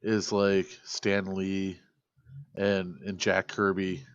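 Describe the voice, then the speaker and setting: A man's voice: low voice, level tone, slow pace, clean tone, no echo. A man co-hosting a podcast, chatting hesitantly with lots of restarts. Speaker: podcast co-host. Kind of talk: casual TV recap chat. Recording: dull lo-fi mic.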